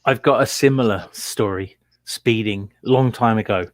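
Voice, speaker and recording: A man from England co-hosting a casual chat show, telling an animated story. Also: lowish voice, normal speed, no room sound. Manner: animated storytelling, laughs at his own tale. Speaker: podcast co-host.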